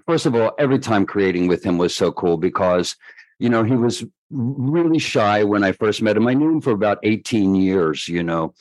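An older man, a guest choreographer, telling stories in a chatty, animated way and laughing along. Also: fairly low pitch, dry recording, rough recording. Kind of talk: storytelling interview.

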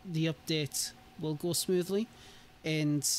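A man's voice: on the high side, fairly even intonation, takes it slowly, a little hiss or hum. A man hosting a casual livestream chat, rambling and hesitant, with frequent laughs. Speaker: streamer hosting a modding chat.

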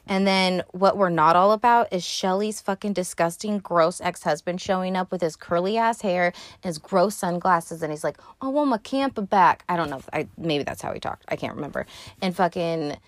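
A young woman hosting a podcast, recapping a film in a casual, profane, animated way with sassy asides. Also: lowish voice, normal speed, dry recording. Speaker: podcast host.

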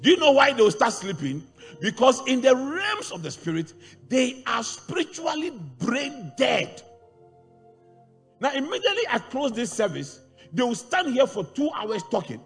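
A man preaching a sermon to a congregation, animated and rising into shouts. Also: very high-pitched, moderate pace. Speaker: pastor. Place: large church hall. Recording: church hall reverb with faint music.

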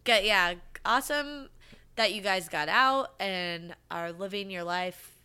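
A woman's voice: mid-range voice, expressive, slow, bright, forceful tone, clean tone. A woman co-hosting a podcast, chatting casually, swearing freely and filling her talk with "like" and "um.". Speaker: podcast co-host.

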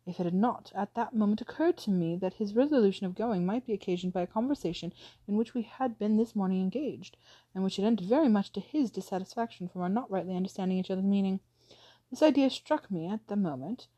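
A polished, self-justifying aristocratic widow, as a woman reads her aloud, voice mellow and even. The delivery is suave and persuasive, in a classic novel audiobook. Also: mid-range voice, close to an everyday voice. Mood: smooth. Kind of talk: audiobook reading.

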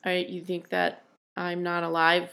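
A woman's voice: lowish voice, monotone, measured pace, gravelly, sharp tone. A middle-aged woman from Rhode Island co-hosting a podcast in casual chat, rambling and hesitant, often laughing. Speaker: podcast co-host, mother.

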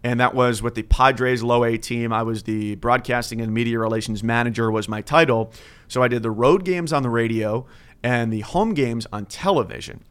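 A man's voice: medium pitch, normal speed, clean tone. A man in his thirties, a sports broadcaster telling stories in a casual chat and acting out the voices in them. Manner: animated storyteller, acts out quotes. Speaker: guest sportscaster.

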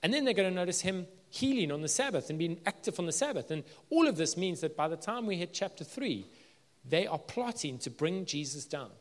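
A male pastor giving an earnest sermon, building to emphatic peaks and dropping low and slow for weight. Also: big pitch swings, big-room sound.

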